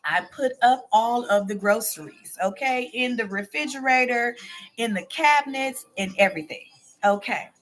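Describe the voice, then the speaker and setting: Speaking at a moderate pace, this host has a higher-pitched, slightly bright voice. The woman, in her forties, chats casually on her show, sharing a story and responding to viewer comments while leaning on "okay?" and "baby."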